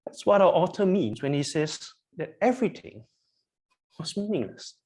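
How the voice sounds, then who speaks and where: A preacher delivering a sermon in a slightly husky voice. The pitch swings widely as points are stressed and repeated, and rhetorical questions are put to the congregation. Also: very animated, moderate pace, darkish tone. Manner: emphatic, repetitive, asks the congregation questions. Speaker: pastor. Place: church.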